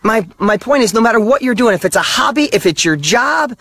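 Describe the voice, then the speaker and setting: A motivational speaker, a middle-aged man whose voice sits notably high for a man, drives his points home in short hammered phrases. He talks bluntly and candidly, letting a mild curse slip now and then. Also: lively intonation, fairly quick, a bit bright. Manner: emphatic, punchy repeated short statements. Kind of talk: motivational monologue.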